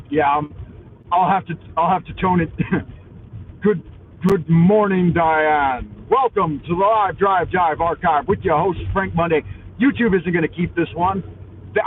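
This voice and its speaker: A man hosting a live stream from his minivan, loud and crude, cursing at other drivers while hopped up on coffee. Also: sits high. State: highly caffeinated. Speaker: vlogger, live-stream host. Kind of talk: profane driving rant on a live stream. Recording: tinny, phone-like with faint vehicle noise.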